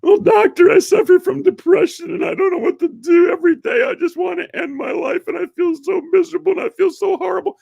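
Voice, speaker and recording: A man putting on a high, whining voice as a desperate patient complaining about depression. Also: quick pace, vocal fry, hardly any pauses, mellow, dry recording, highs cut off, exaggerated voice. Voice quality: high, whiny, pleading.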